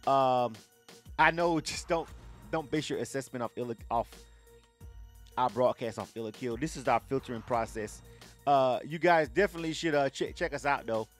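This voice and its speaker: A man's voice: mid-range voice, normal speed. A man hosting a live radio music segment, talking loosely and profanely to viewers, ranting between asides. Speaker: radio show host. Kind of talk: casual livestream radio talk.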